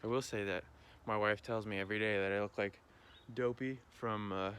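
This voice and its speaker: A man's voice: lowish voice, steady tone, a little fast, fairly bright tone, a little hiss or hum. A young man, a farmer, talking casually to the camera in a vlog with chatty, joking asides. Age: young adult.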